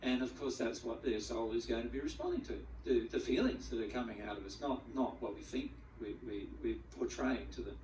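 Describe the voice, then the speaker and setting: A man giving a spiritual teaching talk to a group, animated, acting out the feelings he describes and often repeating words as he goes. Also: mid-range voice, a little fast, hardly any pauses, slight background noise. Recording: echoey room, mic at a distance.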